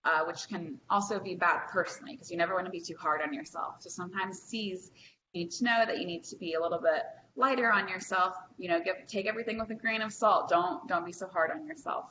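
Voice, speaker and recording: A woman's voice: lowish voice, brisk, bright, forceful tone, a little hiss or hum. A woman presenting a training workshop over a video call, chatty and upbeat with frequent ums. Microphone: video call microphone. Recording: echoey, dull lo-fi video call.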